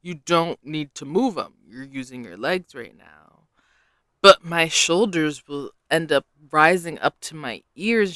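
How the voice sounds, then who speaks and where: A man chats alone into a close mic at an unhurried pace, his voice bright and smooth. He rambles, second-guesses himself and trails off in hesitations. The sound is dry, with no room around it. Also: a little high, expressive, no echo. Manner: rambling and self-deprecating, full of hesitations. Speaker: podcast host. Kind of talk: casual solo podcast chat.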